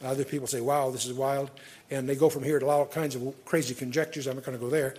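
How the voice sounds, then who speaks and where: Husky older man teaching Bible study. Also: mid-range voice, level tone, rapid-fire, a little mellow. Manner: conversational, digressive, frequent restarts and fillers. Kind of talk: lecture-style Bible teaching.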